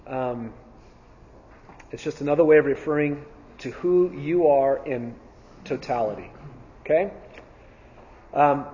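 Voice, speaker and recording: A man with a slightly raised voice teaches a Bible class, earnest and repetitive, pausing on ums and restarting phrases. His voice carries a long hall reverb and sounds a little dull and muffled. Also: a little high, a little mellow. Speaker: church teacher.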